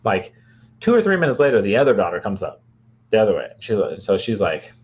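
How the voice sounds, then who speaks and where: A man's voice: on the low side, sing-song, brisk, darkish tone, slightly rough, muffled recording. A young man from Michigan, a podcast co-host, telling a long rambling story with lots of fillers and restarts. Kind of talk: casual storytelling chat.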